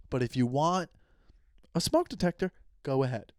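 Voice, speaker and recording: Talking a little fast, a thirties-aged man hosts his comedy podcast alone, his mid-range voice recorded dry at studio quality. He goes off on rambling, profane, animated rants, voicing the conversations he quotes.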